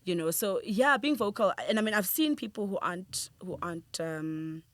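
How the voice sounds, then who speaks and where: A woman's voice: medium pitch, animated, normal speed, fairly bright tone, no room sound. A woman film director talking as a podcast guest, earnest and reflective, with frequent restarts and easy laughter. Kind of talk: conversational podcast interview.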